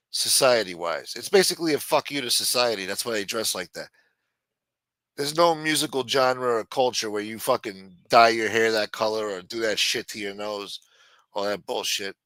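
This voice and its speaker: A man's voice: on the low side, sharp tone, no echo. A middle-aged man hosting a live stream, ranting bluntly and swearing constantly. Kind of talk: profane ranting monologue.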